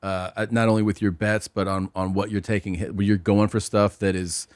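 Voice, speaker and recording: A man hosts a podcast, asking loose, rambling questions and cursing casually. His voice sits fairly low, and the sound is dry and close. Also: flat delivery, a little fast, dry recording. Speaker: podcast host. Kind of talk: casual chat.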